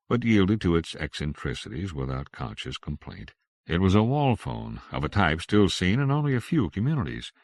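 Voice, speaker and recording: Male audiobook narrator: deep, creaky, expressive; dry close-mic studio read. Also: dry recording. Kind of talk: scripted narration.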